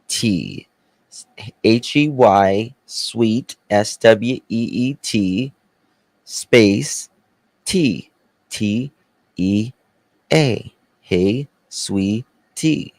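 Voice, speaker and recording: A man's voice: lowish voice, darkish tone, dry recording. A man from the South, hosting a casual livestream, chatting and thanking viewers by name, sounding tired. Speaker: livestream host.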